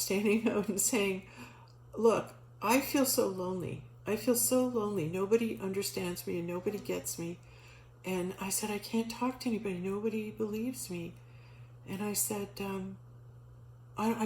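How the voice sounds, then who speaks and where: A middle-aged woman telling a personal spiritual story in a casual, animated way, acting out the voices she quotes, with many restarts and fillers. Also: medium pitch, normal speed, roomy sound, slight background noise, poor audio. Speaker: storyteller sharing a spiritual experience.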